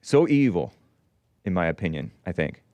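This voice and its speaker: A man in his forties hosting a call-in show, giving rambling, sarcastic, animated political commentary. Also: low-pitched, normal speed, clear, resonant tone, no echo. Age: 40s.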